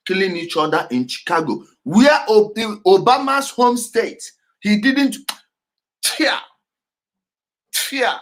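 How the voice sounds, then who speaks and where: His voice sits high and a little bright. Hosting a show, the man delivers animated commentary over clips, hammering key words through repetition, staying emphatic and laughing a lot.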